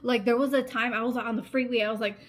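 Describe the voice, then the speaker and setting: A woman's voice: fairly high pitch, fairly even intonation, quick pace. A woman in her thirties chatting casually to camera as a vlogger, gushing and emotional, with lots of filler words and frequent laughs. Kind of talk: casual chatty vlog talk.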